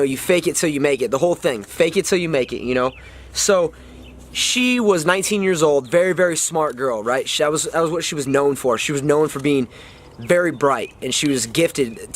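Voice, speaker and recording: A young man giving casual motivational advice, rambling and repeating himself with many fillers. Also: fairly high pitch.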